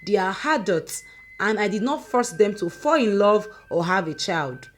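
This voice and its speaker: A woman voicing a calm, firm middle-aged mother-in-law who speaks in measured warnings. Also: medium pitch, a little hiss or hum, natural voice.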